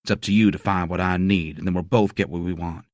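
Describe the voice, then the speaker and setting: A man's voice: low voice, steady tone, fast, darkish tone, no echo, lightly acted. A man voicing a crude, menacing male prosecutor in an audiobook, speaking in a mocking, threatening way. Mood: taunting. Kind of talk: audiobook character voice.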